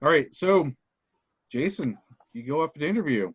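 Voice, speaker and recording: A man's voice: fairly high pitch, lively intonation, moderate pace, breathy edge, dry recording, highs cut off. A man running a tabletop game as game master, narrating scenes loosely in an online session.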